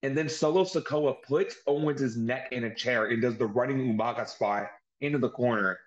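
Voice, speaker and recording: Male podcast host, mid-pitch, animated recap delivery. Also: moderate pace, lo-fi sound, a crowd in the background. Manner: animated play-by-play retelling with acted-out quotes. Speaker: podcast host reviewing wrestling. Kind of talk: casual recap chat.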